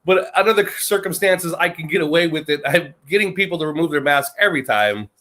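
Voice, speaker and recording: An American man talks in a loose, rambling way, joking as he goes. His voice sits a bit high, and he keeps chuckling mid-sentence. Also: brisk, sharp tone. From United States. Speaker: guest. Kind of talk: casual chat. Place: lives in Britain.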